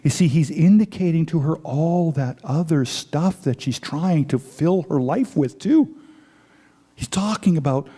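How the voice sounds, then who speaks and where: A man preaching a sermon, retelling a story in lively, paraphrased dialogue with frequent asides. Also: fairly high pitch, measured pace. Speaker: pastor.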